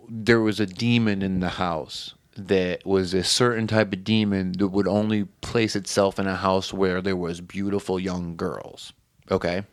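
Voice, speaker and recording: A man from New Haven, Connecticut, with a fairly low voice, tells a story as a podcast guest. The chat is casual and profane, and the recording has no room sound.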